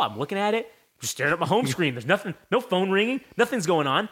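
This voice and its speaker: Casual podcast host, young man, animated storyteller, acts out voices, high and very lively. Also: fast, slightly rough.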